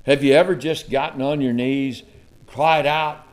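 A man preaching a sermon, reading King James scripture with dramatic swings from loud to hushed and breaking into folksy asides with chuckles. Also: medium pitch, steady tone, normal speed.

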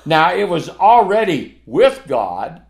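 Male preacher, slow deliberate sermon delivery, lively pitch that rides up and down, punchy emphasis. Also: gravelly. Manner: slow, emphatic, with dramatic swings in loudness.

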